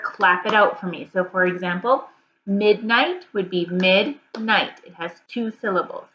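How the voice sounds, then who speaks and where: A woman teacher giving a reading lesson to young children, slow and encouraging, repeating each prompt. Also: mid-range voice, bright, forceful tone, muffled recording, a little hiss or hum.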